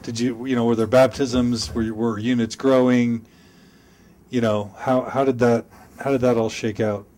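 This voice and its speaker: A man interviewing a guest, asking a question in halting, rephrased bits. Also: mid-range voice, level tone, a little mellow.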